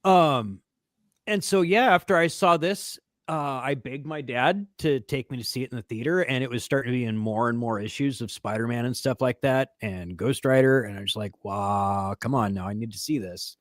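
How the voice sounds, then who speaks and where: A man's voice: mid-range voice, normal speed, no room sound, studio quality. A man in his forties co-hosting a podcast, telling nostalgic stories in a casual chat. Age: 40s. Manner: animated, nostalgic storytelling. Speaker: podcast co-host.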